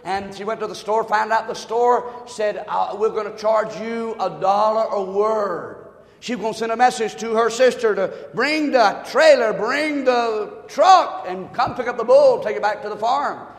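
A man preaching a sermon, telling a folksy joke story and swinging from quiet talk to shouting. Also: high voice, moderate pace. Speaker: pastor. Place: church sanctuary. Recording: echoey hall, long reverb.

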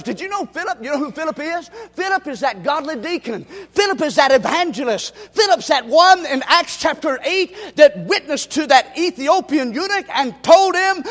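A man's voice: very high voice, expressive, normal speed, fairly bright tone. A male pastor preaching a sermon to a congregation, exhorting them with rhetorical questions and call-and-response. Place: church sanctuary with congregation. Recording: long reverb of a large hall.

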